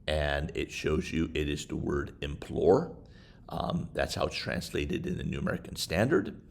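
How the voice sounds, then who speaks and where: Man, very deep voice, gravelly fry, casual tutorial, many ums, desktop mic. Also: sing-song. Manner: casual, halting, many fillers. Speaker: instructor. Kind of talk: software screen-share tutorial. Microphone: desktop microphone while screen recording.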